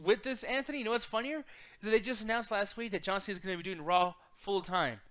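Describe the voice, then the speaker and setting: A man in a casual chat on a video call, profane and ranting, given to loud laughter. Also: sits high, quick pace. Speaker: podcast co-host. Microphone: video call mic.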